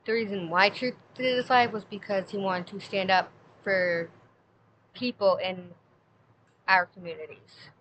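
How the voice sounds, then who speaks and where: A woman's voice: medium pitch, steady tone, measured pace, a bit bright. A woman streamer chatting casually and rambling with fillers, her breath short from asthma. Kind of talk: casual live-stream chat. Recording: slightly dull lo-fi mic, faint noise.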